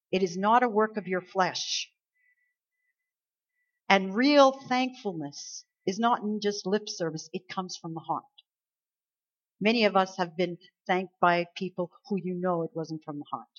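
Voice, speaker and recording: A woman pastor from Canada preaching a sermon, emphatic and full of rhetorical questions. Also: medium pitch. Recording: slightly dull lo-fi sound.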